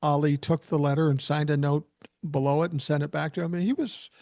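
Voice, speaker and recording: Man, podcast host, animated storyteller, mellow and fairly high voice, dry muffled sound. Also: brisk, gravelly, no room sound. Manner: animated anecdote-telling, swears freely. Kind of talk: casual storytelling chat.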